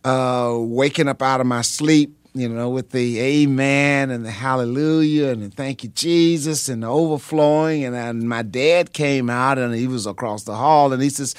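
A man who is a pastor, telling his story in a radio interview, pausing often to search for words and breaking into high, excited bursts as he relives it. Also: smooth, no room sound. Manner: halting, searching for words with frequent ums.

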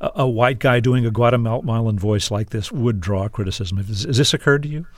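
Brief: male host, mid-range voice, measured questions, dry studio sound. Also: medium pitch, dry recording. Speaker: interview host. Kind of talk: broadcast interview.

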